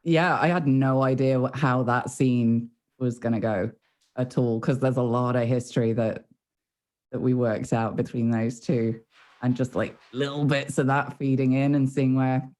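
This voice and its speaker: A woman talking casually and excitedly about her week after a tabletop game session, swearing freely. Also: rumbling low, normal speed. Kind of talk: casual chat.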